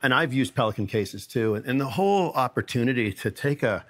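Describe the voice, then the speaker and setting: A man who runs a company, talking as a podcast guest in a lively, storytelling way. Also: mid-range voice, a little fast. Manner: energetic storyteller, acts out quoted dialogue. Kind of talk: casual interview storytelling.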